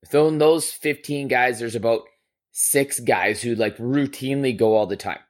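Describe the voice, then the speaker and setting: In casual podcast chat, a male host narrates a story with animated, profane flair, moving between loud bursts and quiet asides. His voice is mid-range and his speed normal.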